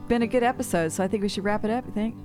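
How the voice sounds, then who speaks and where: A woman's voice: mid-range voice, racing, music in the background. Laughing woman podcast co-host. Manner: laughs often, reacts with short interjections. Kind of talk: casual chat.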